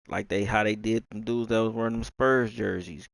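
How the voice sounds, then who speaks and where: A young man from Texas talks in a loose, slangy ramble, his Southern drawl rough with fry. His voice sits a little low and sounds close and dry, with no room around it. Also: fairly even intonation, normal speed, few pauses, no echo, rough recording. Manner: slangy, drawling, jumps between topics. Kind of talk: rambling casual monologue.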